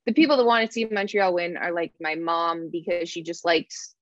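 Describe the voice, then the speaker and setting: Young canadian woman telling stories, kinda low voice, muffled dry audio. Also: normal speed, dry recording. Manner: chatty storytelling with animated quoted asides. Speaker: guest. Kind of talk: casual podcast chat.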